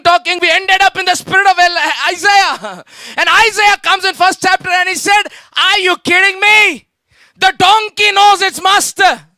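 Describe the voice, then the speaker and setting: High, bright-voiced Indian pastor preaching. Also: male voice, dry recording. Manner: emphatic preaching with rhetorical questions to the congregation; repeats hallelujah and calls out to the church. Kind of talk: sermon.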